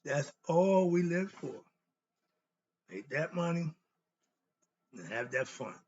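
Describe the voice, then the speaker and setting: A man's voice: fairly high pitch, lively intonation, takes it slowly. A man giving an informal philosophy lecture, bluntly posing rhetorical questions and answering them himself. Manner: emphatic, blunt and conversational. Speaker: philosophy teacher. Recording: dull lo-fi sound with faint noise.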